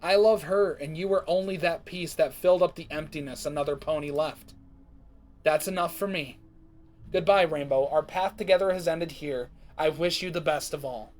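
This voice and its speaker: A man voicing an excitable young female pony who turns bitter and scolding. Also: a little high, normal speed, close to an everyday voice. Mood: cold. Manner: bubbly, then sharply scolding.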